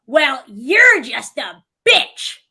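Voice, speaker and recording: A woman's voice: on the high side, expressive, very slow, bright, forceful tone, heavily acted. A woman mimicking a rude, sneering stranger. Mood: scornful.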